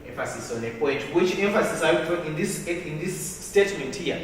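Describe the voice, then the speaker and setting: A male teacher leading a literature lesson in a classroom, asking questions and repeating phrases as he dictates notes slowly. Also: fairly high pitch, expressive, a little hiss or hum. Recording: echoey classroom from far off.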